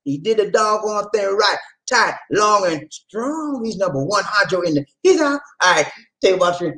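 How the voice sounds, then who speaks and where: A woman hosting a casual chat, telling a story in an animated way with laughter. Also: mid-range voice, normal speed, rough recording. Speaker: host.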